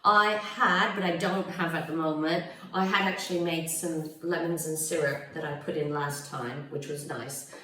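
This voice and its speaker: A woman's voice: sits low, fairly even intonation, moderate pace, bright, forceful tone. A woman from Canada chatting casually and digressively through a home cooking video, laughing often. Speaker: home cook. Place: home kitchen. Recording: very echoey room, mic far off.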